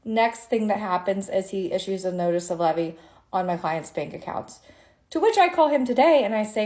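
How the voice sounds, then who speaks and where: A woman's voice: medium pitch, animated, moderate pace, mellow. A woman tax attorney, tired after a long day, telling a frustrating story to camera in an exasperated, sarcastic, emphatic rant. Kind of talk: ranting story monologue to camera.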